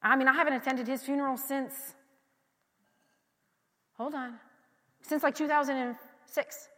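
A woman pastor giving a candid, conversational sermon with personal stories and frequent restarts, moving between quiet confiding and loud emphatic passages. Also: high-pitched, steady tone, normal speed. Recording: long hall reverb.

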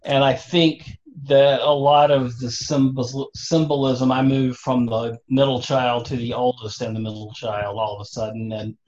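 A man with a Southern American accent, speaking in a halting, reflective way as the guest in a healing session. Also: medium pitch, flat delivery, darkish tone, dull audio. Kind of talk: casual chat.

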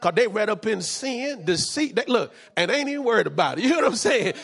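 A man's voice: sits high, sing-song, brisk, vocal fry, a bit bright, slightly rough. A man preaching a sermon as pastor, fervent and repetitive, dropping in frequent amens.

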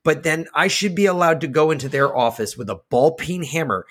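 A man co-hosting a podcast, ranting heatedly with lots of swearing and swinging between loud outbursts and slow emphasis. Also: fairly high pitch. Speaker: podcast co-host. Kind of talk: casual political chat.

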